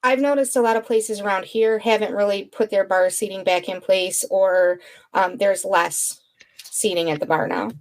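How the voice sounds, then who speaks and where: A woman from Michigan co-hosting a podcast, chatting in an animated, amused way. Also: medium pitch, normal speed, slight background noise. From Michigan, USA. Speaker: podcast co-host. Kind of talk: casual chat.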